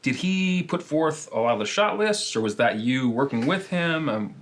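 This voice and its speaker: A man hosting an interview, chatting in a relaxed way and often chiming in with agreement. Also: fairly high pitch, normal speed. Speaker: guest host. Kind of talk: casual interview chat.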